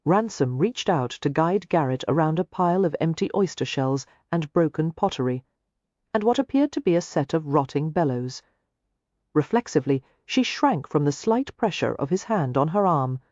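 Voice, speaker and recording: A woman narrating a historical romance audiobook in a measured, expressive storytelling voice. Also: low-pitched, no echo, lo-fi sound. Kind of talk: scripted narration.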